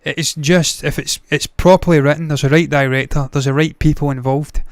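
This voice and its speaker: Male movie-news host, fairly high voice, smooth and dry; swears freely and rambles off on tangents. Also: steady tone, a little fast, no echo. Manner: blunt, profane, rambling with tangents. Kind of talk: casual solo commentary.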